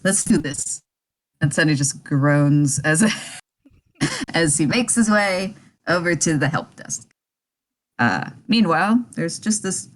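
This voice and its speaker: A woman narrating as game master of a tabletop game, chatty and laughing often. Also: low-pitched.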